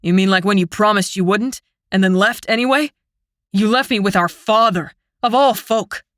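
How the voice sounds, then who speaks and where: A woman plays a bitter young fairy man from a storybook who sneers and scoffs at his sister. The voice is bright and forceful with crisp edges, and it sits close and dry to the mic. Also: mid-range voice, normal speed, dry recording, lightly acted. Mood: accusing. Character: bitter young male fairy, scornful brother.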